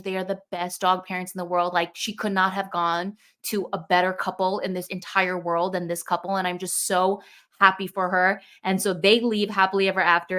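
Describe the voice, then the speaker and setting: A young woman telling a personal story in casual conversation, animated and acting out the thoughts she quotes. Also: lowish voice. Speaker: podcast guest.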